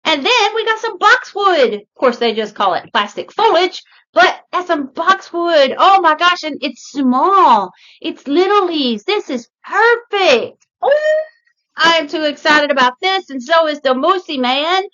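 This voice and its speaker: A woman with a high, bright voice hosts a casual craft unboxing vlog, gushing and chatting excitedly as she goes. The recording is slightly dull and lo-fi. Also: unhurried, few pauses. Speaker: craft channel host.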